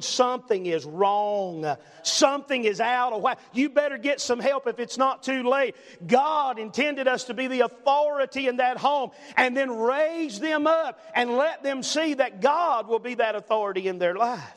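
A man's voice: very high-pitched, fairly bright tone. Older man, preacher, emphatic repetitive sermon, long church hall reverb. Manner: emphatic, repetitive, punctuating with "amen?". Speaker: pastor.

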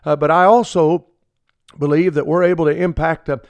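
A man's voice: fairly high pitch, fairly even intonation, normal speed, darkish tone, no room sound. A middle-aged man preaching a folksy radio sermon, acting out the people he quotes.

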